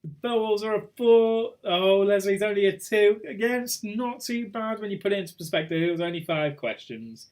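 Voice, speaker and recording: A man with a bright, high voice runs a relaxed online pub quiz, reading out names and scores and ribbing the players. He talks into a video call mic in an easygoing, chatty way. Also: normal speed, hardly any pauses. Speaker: quiz host.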